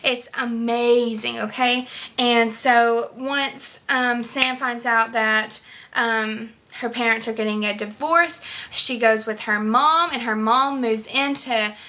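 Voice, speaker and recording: A woman's voice: on the high side, fairly even intonation, slow pace, sharp tone. Chatty young woman gushing about books. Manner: enthusiastic, chatty, many fillers. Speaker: book vlogger. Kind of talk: casual book review chat.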